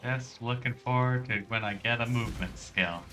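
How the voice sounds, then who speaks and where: This game streamer speaks at medium pitch and normal speed, with music underneath. His commentary is casual and meandering, full of tangents and frequent uses of "like."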